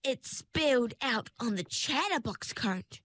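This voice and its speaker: A woman voicing a raspy, whining male wraith gatekeeper in a storybook reading, drawling slowly and sounding self-satisfied. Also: a little high, lively intonation, fairly bright tone, dry recording, studio quality, voice pushed up. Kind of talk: storybook narration.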